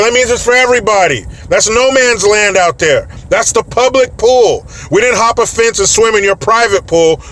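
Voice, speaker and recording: A man's voice: sits high, a bit bright. A man giving a blunt, profane, mocking political rant as a commentator. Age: adult with children.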